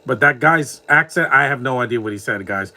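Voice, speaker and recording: A man's voice: mid-range voice, lively intonation, a little fast, bright, forceful tone. A man from New York with a New York accent, giving casual live commentary on a movie with joking, laughing reactions. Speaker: movie watch-along commentator.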